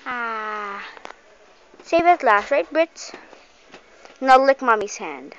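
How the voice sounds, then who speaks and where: A woman's voice: on the high side, animated, takes it slowly, fairly bright tone, a little hiss or hum. A woman filming her cat and kittens at home on a phone, talking to them in a playful, cooing voice. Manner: cooing, playful baby talk to animals. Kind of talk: casual home video, talking to pets. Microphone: phone camera. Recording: dull lo-fi phone recording.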